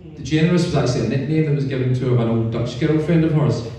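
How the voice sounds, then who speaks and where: Scottish comedian in an echoey pub. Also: male voice, medium pitch, quick pace, dark tone, distant mic. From Scotland. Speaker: stand-up comedian. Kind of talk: stand-up comedy set. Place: hotel pub stage.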